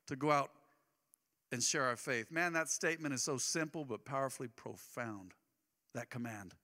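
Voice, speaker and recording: A male pastor preaching a sermon in a church, impassioned, moving between loud emphatic lines and quiet asides. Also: medium pitch, animated, normal speed. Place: church sanctuary. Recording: long reverb of a church hall.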